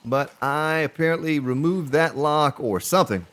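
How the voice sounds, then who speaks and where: A man streaming a survival game live, chatting with his viewers as he plays. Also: normal speed. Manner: animated, pitch jumps on exclamations. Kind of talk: live gameplay commentary.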